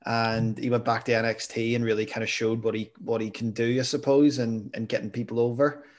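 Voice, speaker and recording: Man in measured, casual chat. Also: medium pitch, flat delivery. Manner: measured, hedging with "I suppose" and "kinda". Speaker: podcast co-host.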